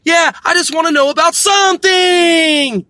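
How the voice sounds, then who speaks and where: A loud little cartoon schoolgirl, mimicked by a man, shouting brightly with a high, piercing tone. Each sentence ends with a sharp upward lift. The sound is close and dry. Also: a little slow, dry recording, exaggerated voice. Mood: chirpy. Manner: raises pitch at end of every sentence; shrill and shouting.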